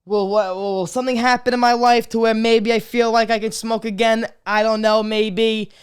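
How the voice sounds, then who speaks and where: A man in his twenties hosting a casual confessional vlog, crude and swearing, swinging from loud joking greetings to quiet serious talk. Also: sits high, flat delivery, moderate pace, clean tone. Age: 20s. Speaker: podcast host.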